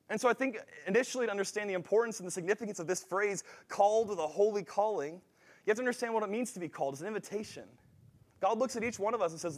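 A man preaching a sermon in a conversational way, thinking aloud with frequent restarts and swinging from quiet asides to emphatic rises. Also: high voice, fast talker.

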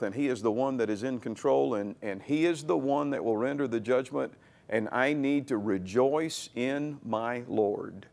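A man's voice: medium pitch, vocal fry. A middle-aged male pastor giving a conversational, folksy sermon. He often repeats words and restarts his sentences.

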